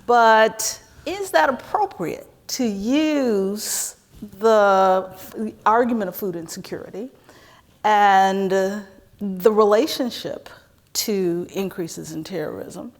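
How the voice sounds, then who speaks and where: A woman moderating a public onstage conversation, asking long questions in a measured, careful way with many fillers. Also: medium pitch. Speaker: interviewer, moderator. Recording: echoey hall reverb.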